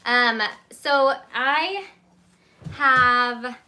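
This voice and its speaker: Using a high-pitched, pushed, bright voice and speaking very slowly, a woman in her thirties runs a casual live baking stream on her phone in her small home kitchen. She's chatty, welcomes viewers by name, and stops now and then to give her kids instructions.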